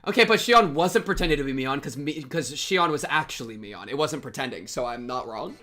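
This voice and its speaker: A man's voice: mid-range voice, lively intonation, brisk, pushed and bright, soft background music. A young man on a live stream, chatting casually with viewers, laughing at himself and reacting to what they send in. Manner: giggly, self-mocking, talks straight to chat.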